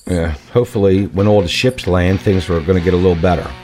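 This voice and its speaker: A man's voice: low voice, quick pace, faint music behind. A man co-hosting a radio talk show, chatting casually and telling jokes. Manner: lively, chatty, laughs at his own jokes.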